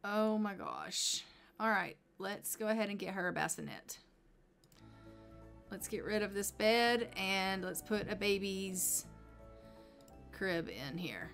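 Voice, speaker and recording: A woman's voice: mid-range voice, fairly bright tone. A woman casually commenting on her life-sim gameplay, chatting to her characters as she plays. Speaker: gameplay streamer.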